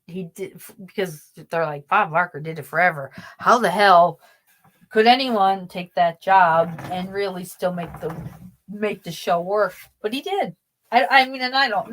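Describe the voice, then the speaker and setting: A woman with a Pennsylvania accent hosts a loose, unscripted live chat. She meanders from thought to thought, drops casual swears and keeps circling back, speaking at a mid-range pitch. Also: dry recording, low-quality recording. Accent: Northeastern Pennsylvania. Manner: rambling, chatty, swears casually, trails off and restarts. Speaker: livestream host chatting with viewers.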